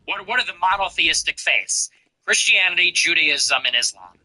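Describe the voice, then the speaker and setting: High, sharp-voiced man mocking a clip. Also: rough recording. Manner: animated, mocking, repeats phrases slowly. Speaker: show host. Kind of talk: commentary on a played clip.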